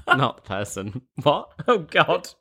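Very deep-voiced woman, lively and joking. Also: husky. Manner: playful, bawdy, giggly, quick to joke. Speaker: podcast co-host. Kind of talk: casual chat.

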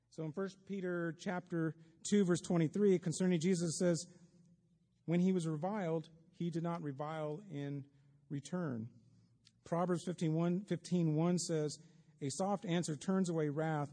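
A man's voice: fairly high pitch, warm tone. A man preaching a sermon, talking conversationally to the congregation with wry asides, in a church sanctuary. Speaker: pastor. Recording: long reverb of a large hall.

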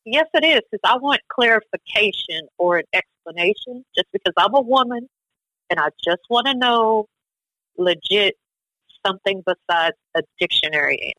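A woman's voice: medium pitch, lively intonation, normal speed, sharp tone, dry recording, poor audio. A woman calling in as a podcast guest, asking earnestly for an explanation. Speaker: guest on the phone. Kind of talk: casual conversation.

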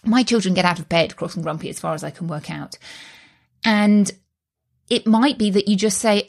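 A woman's voice: lowish voice, a little fast. Woman in her thirties, host of a motivational talk, earnest and reassuring, conversational delivery.

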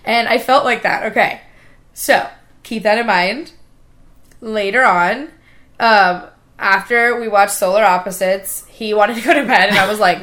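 A woman's voice: medium pitch, a bit bright. A woman in her forties co-hosting a podcast, telling rambling stories in casual chat and laughing often. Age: 40s. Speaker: podcast co-host.

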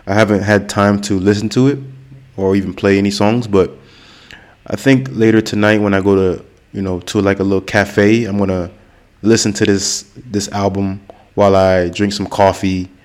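A man from Florida with an American accent, chatting casually as a host and slowly explaining English words to learners. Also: lowish voice, little pitch movement. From Florida, United States. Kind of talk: casual language-learning monologue.

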